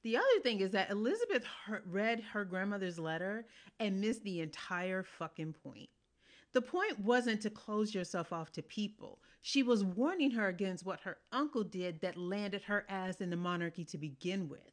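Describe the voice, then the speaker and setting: A woman co-hosting a casual TV recap chat, blunt, profane and animated. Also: medium pitch, moderate pace. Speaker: podcast co-host. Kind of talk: casual chat about a TV series.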